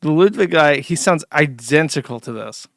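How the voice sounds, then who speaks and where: A man's voice: on the high side, animated, normal speed, vocal fry, fairly bright tone, no echo, clean studio sound. A man hosting a live stream, reacting to clips with profane, sarcastic ranting. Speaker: streamer host.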